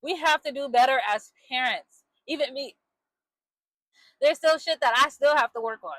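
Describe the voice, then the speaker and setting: A young woman, a mother, speaking bluntly and angrily into her phone, swearing freely, her voice dropping low when she gets upset. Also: moderate pace, a bit bright, dry recording, low-quality recording. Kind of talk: emotional vlog monologue.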